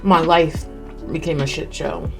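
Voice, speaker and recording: Woman streamer, low-ish register, candid eating-stream chat, chewing audible, close mic. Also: fairly even intonation, measured pace. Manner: chewing between words, candid and rambling. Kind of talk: casual chat while eating. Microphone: close desk mic. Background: faint music.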